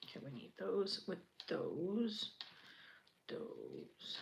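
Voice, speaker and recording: A woman chatting casually as she builds a Lego set. She gushes with a lot of fillers and often drops to a quiet murmur. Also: mid-range voice, expressive, measured pace, a little hiss or hum, poor audio. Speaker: channel host.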